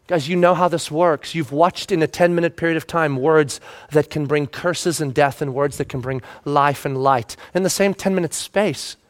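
A man preaching a sermon as a pastor, telling a story expressively and moving between loud emphasis and hushed, quiet tones. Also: a little high, normal speed.

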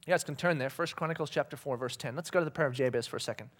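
A man's voice: medium pitch, very fast, a bit bright. A man preaching a casual sermon to a congregation, joking, laughing and acting out voices as he reads scripture. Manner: conversational and joking, laughs often, acts out voices.

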